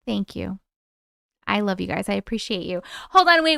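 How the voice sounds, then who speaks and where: A young woman hosting a casual livestream, chatty and excitable with her viewers and swearing freely. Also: medium pitch, moderate pace, creaky, dry recording, studio quality. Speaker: livestream host.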